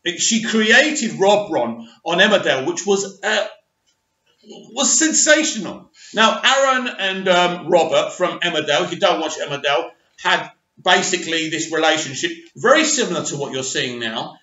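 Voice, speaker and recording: Guy ranting about soaps, high bright voice, echoey room, kinda dull lo-fi sound. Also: normal speed. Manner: animated, emphatic, opinionated, with fillers. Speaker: soap opera commentator. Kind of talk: casual opinion monologue.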